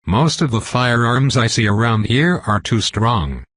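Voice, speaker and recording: A man's voice: medium pitch, lively intonation, a little slow, fairly bright tone, no echo, studio quality. A man voicing a blunt young werewolf hunter in an audiobook, lecturing soldiers on weapons.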